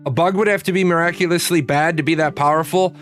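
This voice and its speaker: A man's voice: on the high side, steady tone, quick pace, fairly bright tone. A man in his forties hosting a live stream, answering chat in a blunt, profane, rambling way. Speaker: streamer host. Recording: faint guitar music behind.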